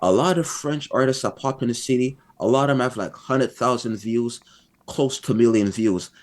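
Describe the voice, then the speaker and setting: A man's voice: medium pitch, normal speed. A young man, talking casually as a guest in an interview, rambling and building his points one by one. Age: young adult. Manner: rambling, repeats phrases, builds points by number.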